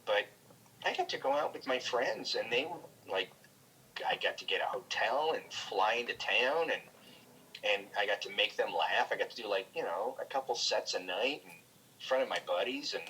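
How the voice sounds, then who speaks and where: A man's voice: fairly low pitch, lively intonation, bright, forceful tone, a little hiss or hum, low-quality recording. A man, a guest comedian, talking candidly in casual chat, swearing freely and restarting his sentences often. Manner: candid, profane, halting with many restarts. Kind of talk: casual chat over a call.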